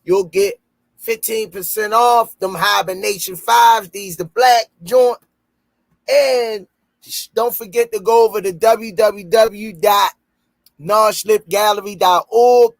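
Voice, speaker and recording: Gravelly high-voiced man hosting a podcast. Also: fairly even intonation, slow pace, no echo. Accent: Baltimore. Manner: loud, playful, bursts into high shouts when joking. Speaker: podcast host. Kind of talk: casual podcast chat and sponsor reads.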